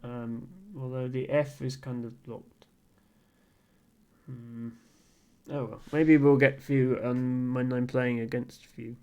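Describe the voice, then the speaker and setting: Slow, dry-humoured streamer. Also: male voice, mid-range voice, little pitch movement, clean tone, lo-fi sound. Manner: dry, amused, muses aloud with frequent ums and soft chuckles. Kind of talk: casual stream chat while playing a word game.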